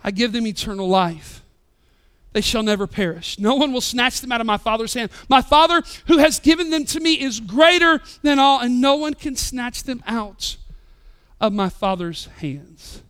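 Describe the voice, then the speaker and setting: High, bright, impassioned preaching man. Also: expressive, normal speed, clean tone. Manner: impassioned, swings between loud and soft. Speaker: pastor. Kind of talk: sermon. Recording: live church sermon podcast.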